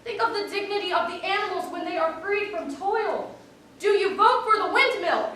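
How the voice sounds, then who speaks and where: A woman's voice: very high voice, moderate pace, a bit bright, slight background noise. A teenage girl on a school stage playing an idealistic pig leader, earnest and persuasive. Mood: rousing. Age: teens. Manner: eager, persuasive speechmaking. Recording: echoey hall, mic far off.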